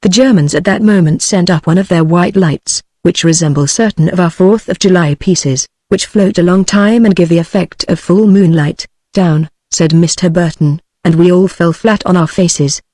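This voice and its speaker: A woman's voice: lowish voice, moderate pace, few pauses, dry recording. Synthetic British woman reading a novel. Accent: British English. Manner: even, steady synthetic delivery. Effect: synthetic text-to-speech voice. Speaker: audiobook narrator. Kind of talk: text-to-speech audiobook reading.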